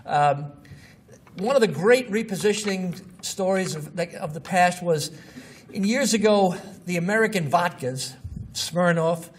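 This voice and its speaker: A man's voice: sits high, a little slow. A man giving an informal lecture, walking through examples with blunt, scoffing asides. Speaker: marketing lecturer. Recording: distant mic with faint noise.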